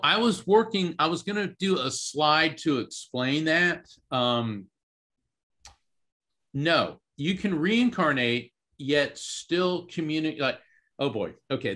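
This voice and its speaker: A middle-aged man appearing as a guest speaker explains things casually, in a rambling way full of fillers and restarts. His voice is medium-pitched and sounds pushed and bright.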